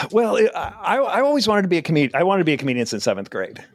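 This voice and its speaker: A man's voice: high voice, huge pitch swings, fast, no room sound, studio quality. A man in his forties from New Jersey, a comedian chatting as an interview guest in a rambling, self-deprecating way and laughing often. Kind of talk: casual interview chat.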